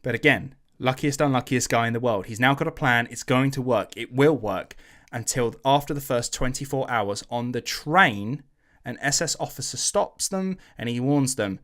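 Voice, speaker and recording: A man hosting a podcast, telling a history story in a casual, animated way, swearing and acting out quotes in slangy voices. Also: mid-range voice, normal speed.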